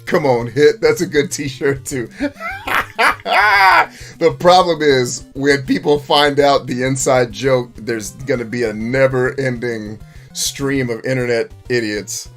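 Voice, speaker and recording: A man's voice: medium pitch, a little slow, soft background music. A man streaming a retro game, chatting casually with viewers and reading their comments, swearing freely and laughing often. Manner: animated, profane, laughs often. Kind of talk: casual live-stream chat.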